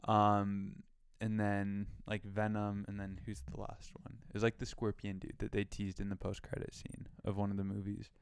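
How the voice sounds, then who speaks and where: Gravelly young man rambling casually. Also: fairly low pitch, monotone, moderate pace, no echo, studio quality. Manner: rambling, filler-heavy. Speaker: podcast co-host. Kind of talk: casual chat.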